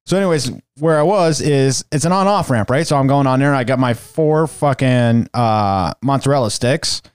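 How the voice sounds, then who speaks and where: A man hosting a podcast, telling a rambling, profane story in casual chat with animated quoted asides. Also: medium pitch, normal speed, clean tone, dry recording, studio quality. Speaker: podcast host.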